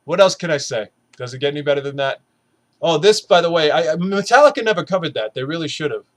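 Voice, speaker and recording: A man's voice: fairly high pitch, lively intonation, fast talker. A man recording a casual motivational vlog, blunt and earnest, swearing often as he urges viewers to go easy on themselves. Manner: blunt, heavy swearing, earnest pep talk. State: three months after surgery. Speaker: weight-loss vlogger.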